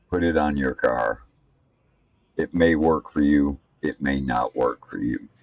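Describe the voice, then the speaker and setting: Very deep gravelly man, blunt and profane. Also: darkish tone, no room sound, distant mic. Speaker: sim racing streamer. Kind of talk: casual commentary while practicing laps. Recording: voice set back from the mic.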